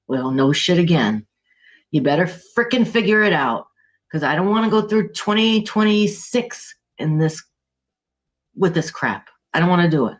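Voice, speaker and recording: A woman's voice: on the low side, animated, moderate pace. A woman co-hosting a casual sports podcast, ranting in a heated, exasperated way and swearing freely. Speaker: podcast co-host.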